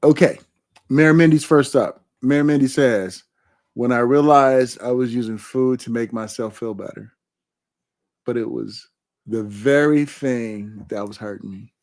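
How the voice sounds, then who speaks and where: A man hosting a casual live stream, reading viewer comments aloud and answering with slow, repeated affirmations. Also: medium pitch. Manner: warm, repetitive, emphatic affirmations.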